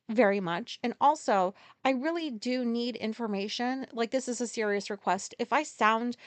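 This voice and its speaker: A woman's voice: fairly high pitch, no room sound. A woman hosting a casual solo podcast, rambling through a story with profane, self-deprecating asides. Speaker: podcast host.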